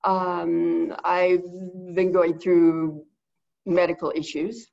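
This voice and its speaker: A middle-aged woman with a low-set voice chats her way through a webinar lesson, quick and rambling, full of fillers. The sound comes through a muffled, lo-fi video call line. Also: level tone, gravelly, a little mellow. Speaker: guest bird behavior consultant. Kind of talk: webinar teaching talk.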